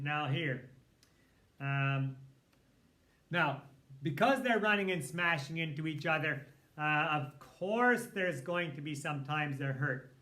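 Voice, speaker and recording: Speaking slowly in a fairly high voice, a man walks through a recorded writing lesson. He's relaxed and thinks aloud with fillers while editing a sample text.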